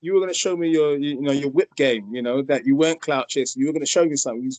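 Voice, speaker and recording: A man's voice: mid-range voice, quick pace, darkish tone, dry recording, low-quality recording. A British man interviewing a guest over a video call, asking hesitant, repeated questions.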